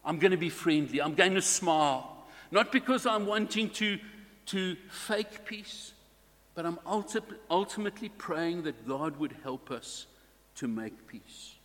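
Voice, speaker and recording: A man preaching a sermon to his congregation in a slow, deliberate way, stressing key words. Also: a little high, animated, a bit bright, in a large hall.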